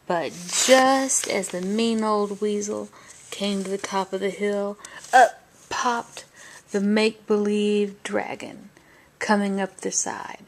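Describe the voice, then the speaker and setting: A woman reads a classic picture book aloud in a soft, hushed bedtime voice that often slips into a whisper. She takes it slowly, lingering over each phrase. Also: medium pitch. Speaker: storyteller. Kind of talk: bedtime storybook reading aloud.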